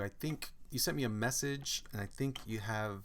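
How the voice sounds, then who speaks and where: A man streaming himself drawing, chatting casually and exclaiming to viewers in an animated way. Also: fairly low pitch, normal speed, hardly any pauses. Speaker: artist streaming his drawing. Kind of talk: casual live-stream chat.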